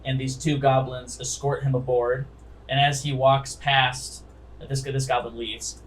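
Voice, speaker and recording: A man's voice: mid-range voice, little pitch movement, a little slow, slight background noise, rough recording. A man narrating a tabletop game as game master, rambling along with many fillers.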